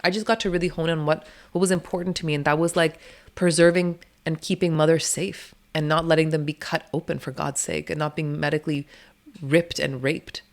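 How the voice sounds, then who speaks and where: A woman speaks quickly in a low voice during a candid interview. She tells her stories in long, run-on bursts, blunt and emphatic, with plenty of swearing. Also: fairly even intonation. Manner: rapid, run-on storytelling. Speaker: doula, interview guest.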